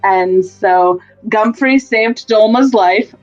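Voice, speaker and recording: A woman's voice: mid-range voice, slow, a little mellow, lo-fi sound, faint music behind. A woman casually recapping a tabletop game session, rambling, swearing and laughing as she goes. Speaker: player giving a session recap.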